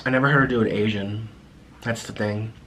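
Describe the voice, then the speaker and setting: A man's voice: fairly low pitch, fairly even intonation, brisk, a bit bright, slight background noise. A young man hosting a mukbang video, talking casually and rambling with frequent restarts. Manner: chatty, rambling, with frequent restarts and aside remarks. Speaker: mukbang vlogger. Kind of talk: casual eating-video chat.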